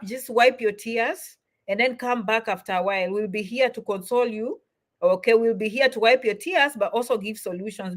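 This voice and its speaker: A middle-aged woman hosting a live stream, chatting warmly with viewers and giving immigration advice. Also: a little high. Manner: warm, repetitive shout-outs, chatty.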